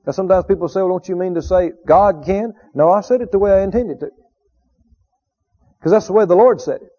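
A man's voice: high voice, brisk, dark tone, slightly rough. A man preaching a sermon, emphatic, repeating key phrases and drawing out quoted scripture. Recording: dull lo-fi recording.

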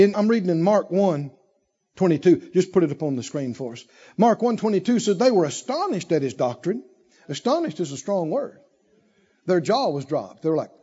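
Male preacher, high and animated, slow drawling emphasis, shouted peaks, dull recording. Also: husky. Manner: animated, swings from low asides to loud shouted climaxes; drawls emphatic phrases slowly. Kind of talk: sermon.

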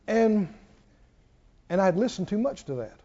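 A man's voice: sits high, lively intonation, measured pace, dark tone, lo-fi sound. A male pastor preaching a sermon, telling his story with animation and leading the congregation in call-and-response prayer.

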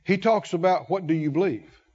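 A man preaching a sermon, emphatic, repeating key words with long pauses. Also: sits high, a little mellow, muffled recording.

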